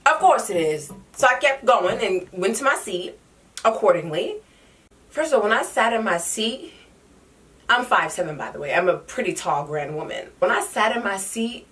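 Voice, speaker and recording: A woman's voice: mid-range voice, a bit bright, far from the mic. A young woman telling a travel story in a sassy, dramatic, slangy way. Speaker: vlogger. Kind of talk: casual storytime vlog.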